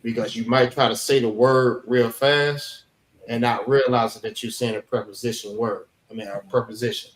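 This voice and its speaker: A man teaching a language class, patiently repeating words slowly for students. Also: medium pitch, fairly even intonation. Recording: echoey room, faint background noise.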